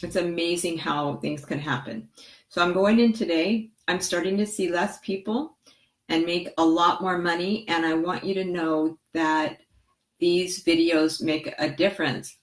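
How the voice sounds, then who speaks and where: A middle-aged woman therapist talking casually and excitedly to her viewers, a chatty self-described goofball. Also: on the low side, a little slow. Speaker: therapist vlogger. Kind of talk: casual vlog talking to viewers and live chat. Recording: echoey, roomy sound.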